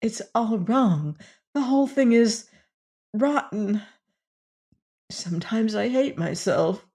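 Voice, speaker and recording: A woman voicing a bitter, tearful young woman in an audiobook, her speech emotional and halting. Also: on the high side, expressive, dark tone, pitched above the performer's own voice. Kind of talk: audiobook character voice.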